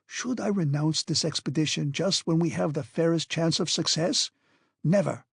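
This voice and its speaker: A man's voice: on the high side, moderate pace, creaky, slightly rough, no room sound, studio quality, heavily acted. A man voicing a stern, obstinate old professor. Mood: defiant. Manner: forceful, commanding, scornful. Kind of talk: audiobook character reading.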